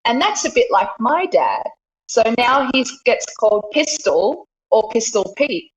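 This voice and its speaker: An Australian woman talks as a guest in a casual interview, often laughing as she goes. Her voice sits fairly high and is cheerful and chatty. The sound is roomy and a little muffled. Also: big pitch swings, measured pace. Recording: echoey room, dull lo-fi sound.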